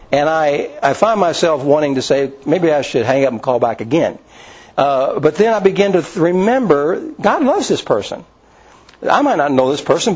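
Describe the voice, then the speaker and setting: A man's voice: mid-range voice, a little mellow, breathy edge. A man preaching a conversational sermon in a plain-spoken, folksy manner. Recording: dull lo-fi recording.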